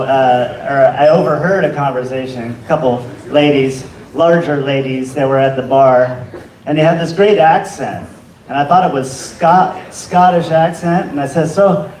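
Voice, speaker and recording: A man doing an open mic stand-up set in a rambling, halting way with deadpan asides. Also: on the high side. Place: bar comedy room. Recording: echoey room, distant mic.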